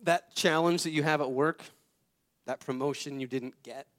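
A male pastor gives a relaxed, conversational sermon in a somewhat high voice. He tells stories and leans on repeated phrases to drive the point home. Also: moderate pace. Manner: storytelling, repeats phrases for emphasis.

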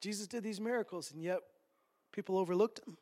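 Male pastor, high voice, lively sermon delivery with comic asides. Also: quick pace. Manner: animated, acts out voices for humor.

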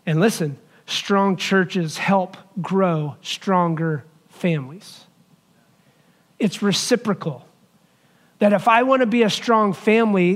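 A middle-aged man gives a sermon in a church sanctuary, talking in a relaxed, conversational way. His voice sits high for a man. He drops his pace and leans on the words when he reaches the points he wants remembered. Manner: conversational, slows down to stress key lines. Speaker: pastor.

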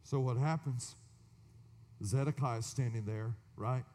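Slow, dramatic male preacher in a hall. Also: mellow. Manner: dramatic preaching, drops to whispers and rises high for emphasis. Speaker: pastor. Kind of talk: sermon.

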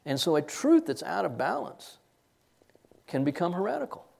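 A middle-aged man delivering a sermon in a somewhat high voice. He preaches emphatically, pushing his voice up for stress and letting it fall to near quiet. The tone is insistent and direct. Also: very animated, normal speed, gravelly. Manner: emphatic, rises and drops sharply for stress. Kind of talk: expository sermon.

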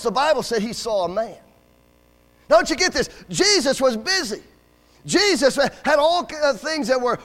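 High-voiced preacher man telling folksy stories. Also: fairly bright tone, long reverb tail. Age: adult with school-age kids. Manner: folksy, joking storyteller with call-and-response amens. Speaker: guest preacher. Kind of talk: sermon. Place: church sanctuary.

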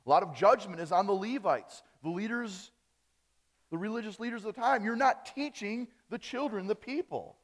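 A man from Wisconsin preaches a sermon from a church stage. His voice sits a bit high for a man, and he swings from emphatic, rising phrases to quiet endings. The church adds a long reverb around every word. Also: normal speed. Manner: emphatic preaching, rising on key phrases and dropping soft at line ends. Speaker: pastor. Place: church sanctuary.

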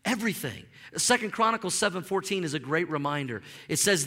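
Bright-voiced pastor preaching in a hall. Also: male voice, high-pitched, quick pace. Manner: animated, emphatic preaching with frequent stammered restarts. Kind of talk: sermon. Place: church sanctuary. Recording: long reverb of a large hall.

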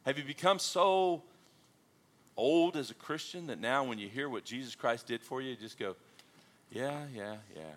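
A man preaching a sermon to his congregation, animated and joking, often calling out questions to the room. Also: mid-range voice. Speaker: pastor.

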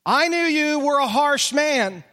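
A man's voice: extremely high pitch, animated, a little slow, sharp tone, voice pushed up, full character voice. Man putting on a frightened pleading servant. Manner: anxious, emphatic pleading. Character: fearful male servant pleading with his master. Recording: long reverb of a large hall.

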